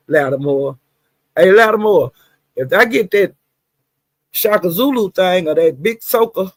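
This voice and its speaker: A woman hosts a casual livestream, greeting viewers one by one with lively, colloquial exclamations and frequent laughter. Her voice has a gravelly, creaky edge, and the recording is dry and close with no room sound. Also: deep voice, no echo. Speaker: livestream host.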